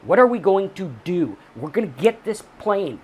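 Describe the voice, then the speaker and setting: This high, husky male voice comes across very animated at a normal pace. He hosts a recovery channel and lectures the camera bluntly, swearing freely, stressing and restating his key ideas over and over.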